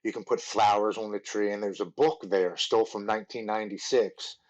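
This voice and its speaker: A man in his forties, a podcast guest, telling his recovery story in an earnest, halting way with many restarts. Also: fairly low pitch, steady tone, low-quality recording. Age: 40s.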